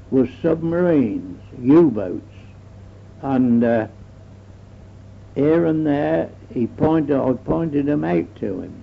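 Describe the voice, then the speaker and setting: A man's voice: mid-range voice, creaky, a little hiss or hum. An older man, recounting his war memories in a rambling oral history, often repeating "I said". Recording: dull old archival tape recording.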